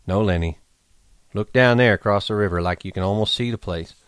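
Man reading a tired low-voiced ranch hand, soft and soothing, close dry mic. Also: brisk, smooth, no echo, lightly acted. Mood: quiet soothing.

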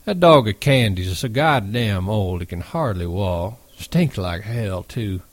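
A man reading aloud and voicing a big, crude ranch hand who talks in a slow, blunt drawl. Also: on the low side, animated, dry recording.

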